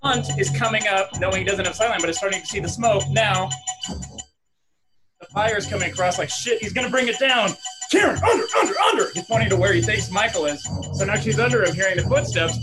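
A man on a podcast pitching a film scene, acting it out with shouted lines and sound effects. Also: fairly quick, music in the background. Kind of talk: animated story pitch.

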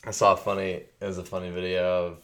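A man's voice: deep voice, completely flat delivery, fast talker, a bit bright. A young man co-hosting a casual podcast chat, joking and laughing as he acts out funny scenes. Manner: laughing, jokey, acts out bits in put-on voices. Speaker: podcast co-host.

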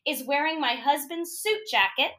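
A woman in her thirties tells a story in casual chat. Her voice sits high and bright. She gets animated, throws herself into the quoted lines, and laughs often. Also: normal speed. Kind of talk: casual anecdote telling.

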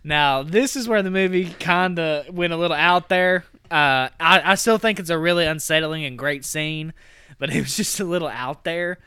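A man's voice: a little high, normal speed, sharp tone, clear, resonant tone, dry recording. A man co-hosting a podcast, casually retelling a film's plot and filling his talk with "like" and "you know.". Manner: rambling, heavy on "like" and "you know". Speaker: podcast co-host. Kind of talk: casual movie recap.

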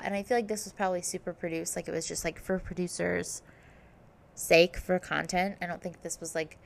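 Woman podcaster with a fairly low voice, loose and chatty, leans on filler words. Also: level tone, a little fast, gravelly, slight background noise. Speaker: podcast host. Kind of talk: casual TV recap chat.

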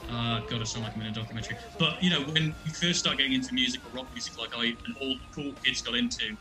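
A man on a podcast, a musician, talking through a song in a loose, animated way with lots of restarts. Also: mid-range voice, rapid-fire, music in the background, rough recording. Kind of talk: casual music discussion.

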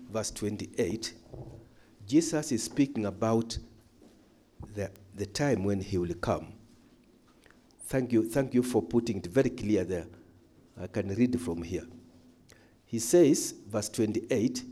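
A man teaching a Bible study in a church hall, emphatic, moving between loud calls and quiet asides. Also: fairly low pitch. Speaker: pastor.

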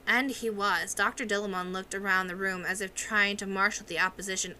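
A woman reading a novel aloud in steady, measured narration. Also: medium pitch, a little hiss or hum. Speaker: audiobook reader.

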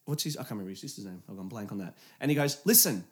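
A man's voice: lowish voice, lively intonation, rapid-fire, a little mellow. A young man in casual chat, joking and laid-back, swearing now and then.

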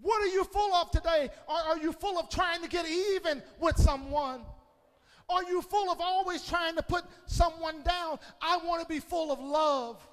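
A man preaching a sermon as pastor, calling on the congregation and swinging between shouted peaks and hushed low passages. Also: normal speed. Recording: long hall reverb.

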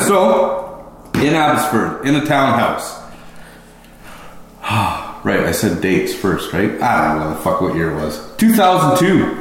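A man's voice: on the low side, huge pitch swings, slow. A middle-aged man telling a crude personal story in casual chat. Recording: echoey room with noise.

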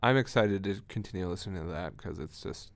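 A young man as a podcast guest in casual chat, low-key, giving brief replies. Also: fast talker.

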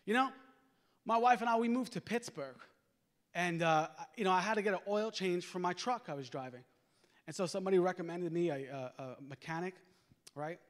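High-voiced man preaching in a reverberant church. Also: fairly quick. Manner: conversational storytelling with call-and-response exhortation. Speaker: guest preacher giving testimony. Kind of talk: sermon testimony. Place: church sanctuary. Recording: long reverb of a church hall.

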